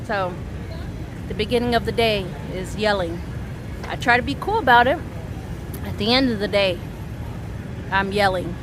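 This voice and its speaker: A woman in her thirties venting on a casual vlog, rambling and halting, swearing often. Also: mid-range voice, background noise. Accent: Southern US. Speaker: vlogger.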